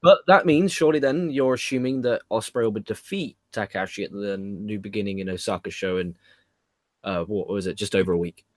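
A man's voice: fairly low pitch, brisk, darkish tone, no room sound, clean studio sound. A man hosting a casual wrestling chat, who swears freely and laughs at his own jokes. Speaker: podcast host.

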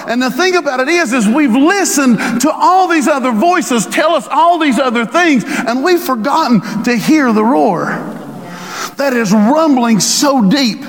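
Male pastor preaching, very high voice, long reverb of a church hall, dramatic slowdowns and shouts. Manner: preaching with emphatic shouts and drawn-out slow lines. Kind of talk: sermon.

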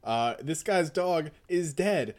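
A man's voice: fairly high pitch, expressive, slow pace, noisy background. A man co-hosting a casual podcast, joking and laughing as he recaps comic panels. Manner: jokey, laughs often, reads panels aloud in goofy voices. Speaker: podcast co-host. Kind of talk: casual chat recapping a manga.

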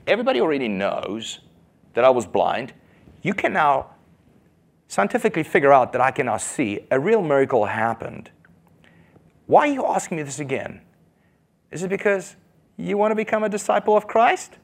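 A preacher playing a bold, sarcastic healed beggar. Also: male voice, fairly high pitch, sing-song, moderate pace, gravelly, long pauses, exaggerated voice. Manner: defiant and sarcastic.

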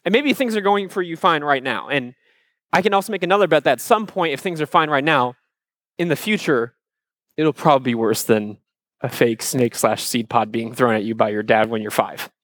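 A man from Iowa, telling a personal story to a live audience in a conversational way, with asides to the crowd and animated retellings of his childhood panic. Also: mid-range voice, fairly quick, dry recording, clean studio sound. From Iowa, USA. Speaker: speaker addressing a live audience.

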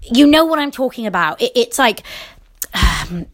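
A woman's voice: on the high side, animated, brisk. An English woman hosting a solo podcast, ranting in a rambling, sarcastic way, often cutting herself off and swearing. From England. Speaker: podcast host.

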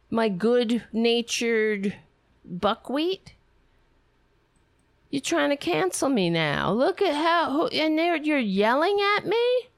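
A woman's voice: high-pitched, no echo, pitched above the performer's own voice, exaggerated voice. A woman mimicking a whiny, self-pitying male politician who plays the victim in a mock-innocent voice.

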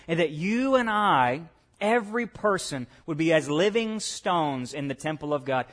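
A man preaching a sermon as pastor, swinging between loud excitement and hushed tones, with chatty asides to the congregation. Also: sits high. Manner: conversational asides and check-ins with the congregation.

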